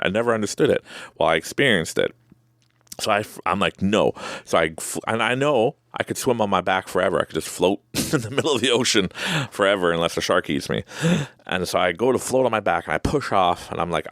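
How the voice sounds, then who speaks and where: A man's voice: fairly low pitch, lively intonation, fast, a bit bright, no echo, clean studio sound. A man hosting a podcast, telling a personal story casually and with animation, acting out his own reactions and laughing often. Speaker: podcast host.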